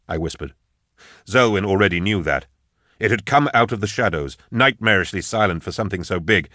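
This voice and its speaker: A man reading a dark first-person fantasy story aloud in a measured, grave storytelling manner. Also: lowish voice, no room sound, clean studio sound. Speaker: narrator. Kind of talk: audiobook narration of dark fantasy fiction.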